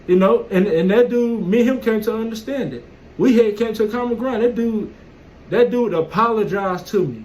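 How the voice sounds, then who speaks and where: High-voiced man, blunt and profane monologue, faint background noise. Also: normal speed, darkish tone, poor audio. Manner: blunt, profane, streetwise storytelling. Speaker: vlogger. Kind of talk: casual monologue.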